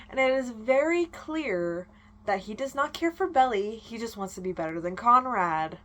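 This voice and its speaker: A young woman vlogger ranting in casual chat, animated and swearing freely. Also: fairly high pitch, normal speed.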